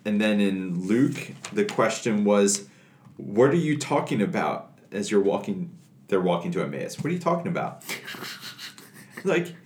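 A man co-hosting a casual faith podcast, telling scripture stories in an animated way and laughing often. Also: on the low side, unhurried, echoey room, a little hiss or hum. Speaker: podcast co-host.

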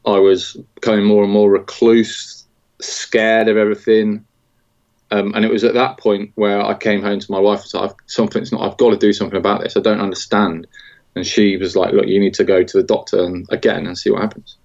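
British guy in his 40s, lowish voice, kinda muffled audio, lots of ums and restarts, telling it straight. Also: little pitch movement, vocal fry, darkish tone. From Britain. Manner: halting, with many restarts and fillers. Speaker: guest, military veteran. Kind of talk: candid interview conversation.

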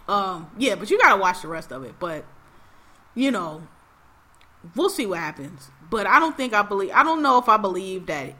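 Bright, animated high-voiced woman. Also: moderate pace. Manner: animated storytelling, acts out quotes, swears freely; laughs often. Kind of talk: casual chat.

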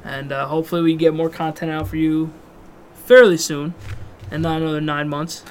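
High-voiced man ribbing his co-host. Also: steady tone, normal speed, a little hiss or hum. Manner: joking, crude, teasing. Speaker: podcast co-host. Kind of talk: casual podcast banter.

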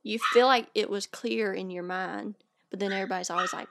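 A woman with a Southern US accent, co-hosting a podcast in casual chat, giggly and quick-talking with playful teasing. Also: medium pitch, steady tone, a bit bright, no room sound, clean studio sound. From American South. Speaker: podcast co-host.

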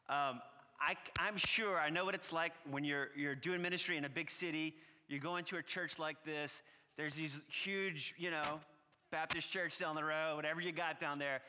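A man with a New Orleans accent preaching as a guest priest, chatty and earnest with a slow prayerful cadence. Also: on the high side, sharp tone. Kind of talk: sermon. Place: church sanctuary. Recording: long reverb from a church hall.

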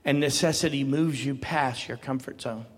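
A man preaching a sermon as pastor, swinging from quiet talk to loud, emphatic calls and laughing often. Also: mid-range voice, fairly even intonation, normal speed, in a large hall, slight background noise.

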